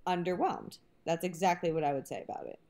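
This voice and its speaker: Female co-host, low-pitched voice, animated and casual. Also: quick pace, very noisy. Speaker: podcast co-host; high school staff. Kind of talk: casual chat.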